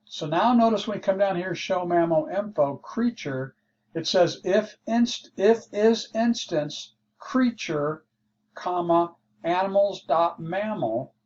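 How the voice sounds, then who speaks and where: A man teaching a programming lesson, walking through code slowly and thinking aloud as he explains. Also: high voice, darkish tone. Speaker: programming instructor. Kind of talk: screen-share coding lesson. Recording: dull lo-fi mic with faint hiss.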